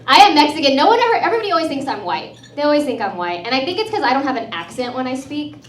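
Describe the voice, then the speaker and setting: On stage at a comedy club, a Texas woman in her thirties races through a chatty, sarcastic stand-up set in a high voice with big pitch swings, laughing at her own jokes. A distant mic gives roomy club sound, and the crowd laughs and cheers.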